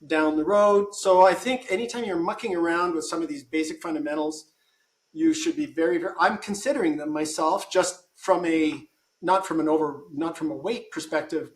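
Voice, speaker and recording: Male guest, slightly high voice, conversational, keeps restarting his thoughts, roomy echo around him. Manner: thinking aloud with frequent restarts. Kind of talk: casual conversation.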